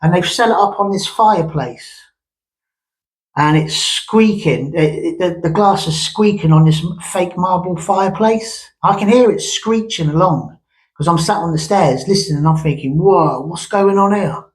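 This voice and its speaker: A man's voice: on the high side, moderate pace, rough recording. A man with a slightly raised speaking voice tells a ghost story about his old family home. He rambles and circles back, restarting sentences and adding casual asides as he goes. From England. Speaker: vlogger.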